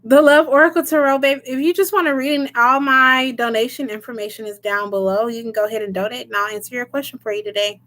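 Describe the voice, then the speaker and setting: A woman's voice: fairly high pitch, fairly even intonation, quick pace, few pauses, a bit bright. Chatty, laughing woman tarot reader. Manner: chatty, laughs often, greets viewers and answers chat. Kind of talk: casual livestream chat.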